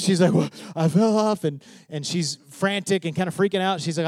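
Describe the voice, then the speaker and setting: High-voiced man preaching a sermon. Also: fairly quick, hardly any pauses, a little mellow, dry recording. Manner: preaching with rising fervor, questions to the congregation. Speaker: pastor.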